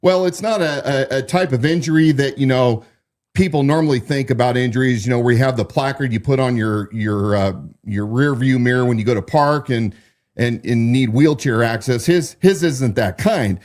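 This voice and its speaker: Speaking at a moderate pace, this podcast co-host gives relaxed political commentary, often restarting and repeating himself. His voice is mid-range and a bit mellow.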